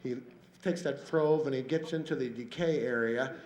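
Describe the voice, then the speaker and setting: A man's voice: medium pitch, moderate pace. A man in his thirties doing an observational stand-up routine, wry, building bits out of mimicked sounds and voices. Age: 30s. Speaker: stand-up comedian. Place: comedy stage before a live audience. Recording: roomy hall with loud crowd and noise.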